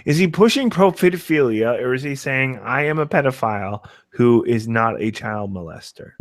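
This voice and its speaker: A man's voice: mid-range voice, lively intonation, moderate pace, dry recording, studio quality. A man joking and cutting in often during a casual group chat among online creators. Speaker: YouTuber guest.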